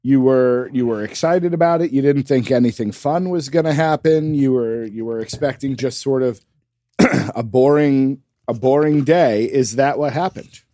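A man's voice: mid-range voice, moderate pace, dark tone, no echo, studio quality. A man co-hosting a podcast in casual chat, teasing and questioning his co-host with mock formality.

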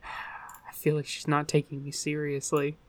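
A podcast co-host in casual chat, excitable and exclamatory, with some swearing. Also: mid-range voice, unhurried.

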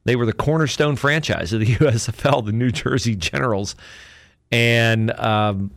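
A man talks through sports notes on his solo podcast, thinking aloud and correcting himself as he goes. His voice sits at an ordinary middle pitch. The sound is dry and close, with no room around it. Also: normal speed, gravelly, fairly bright tone, no echo. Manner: rambling, thinks aloud with many fillers and self-corrections. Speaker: podcast host. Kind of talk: casual solo podcast talk.

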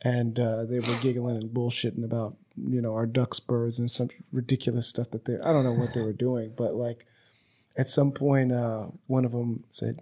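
A man's voice: medium pitch, flat delivery, normal speed, warm tone, slightly rough. A man hosting a podcast, talking loosely and profanely in a chatty, storytelling way. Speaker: podcast host. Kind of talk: casual conversation. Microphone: podcast microphone.

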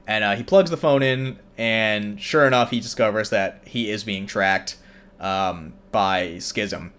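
A man's voice: fairly low pitch, a little slow, fairly bright tone, clean tone. A man hosting, retelling a film in a casual, rambling way with many fillers. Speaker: host. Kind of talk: casual movie recap.

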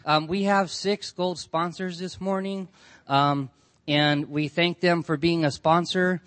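A man acts as emcee at a conference, making announcements in an informal way with many ums. His voice is fairly high for a man. The sound is dry. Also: steady tone, takes it slowly, a bit bright, dry recording. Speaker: event emcee.

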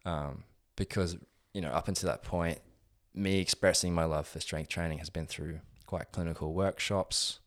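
A young man who coaches strength training, chatting casually in an interview, relaxed and rambling with many fillers. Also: low-pitched, normal speed, hardly any pauses, no room sound, clean studio sound. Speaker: gym owner and strength coach.

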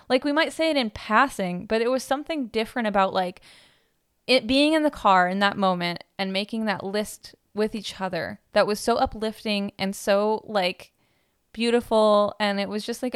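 Smooth-voiced woman chatting on a podcast. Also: fairly high pitch, no room sound, clean studio sound. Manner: chatty, filler-heavy, earnest. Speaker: podcast co-host. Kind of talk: casual podcast chat.

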